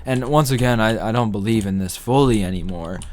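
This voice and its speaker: A young man with a somewhat low voice rambles through casual gameplay commentary, tossing off absurd deadpan jokes. Faint keyboard clicks tick away behind him as he plays at his computer. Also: brisk, a little hiss or hum. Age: young adult. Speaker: gaming commentator.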